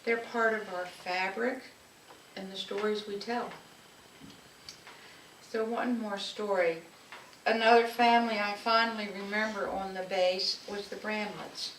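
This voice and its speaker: With a steady, medium-pitched voice and a slightly slow pace, a local woman delivers a speech at a community anniversary, lovingly telling personal stories. The mic sits far away in an echoing room, and faint noise is audible.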